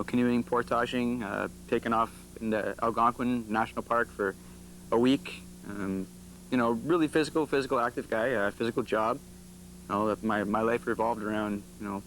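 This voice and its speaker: A man in his twenties telling students about his crash, pausing often with ums and uhs. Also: fairly low pitch, creaky, fairly bright tone, slight background noise, poor audio. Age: 20s. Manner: hesitant, many ums and uhs. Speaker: crash survivor speaking to students. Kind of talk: personal story told to a group.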